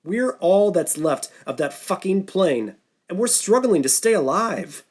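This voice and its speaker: A man's voice: medium pitch, lively intonation, moderate pace, slightly rough. A man voicing a stern middle-aged doctor who takes charge of a group of survivors in a storybook. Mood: commanding. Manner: commanding, stern.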